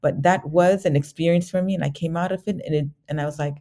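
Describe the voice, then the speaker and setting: A woman guest in an interview, reflecting candidly on a personal journey, halting often with restarts and fillers. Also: deep voice, fairly even intonation, mellow.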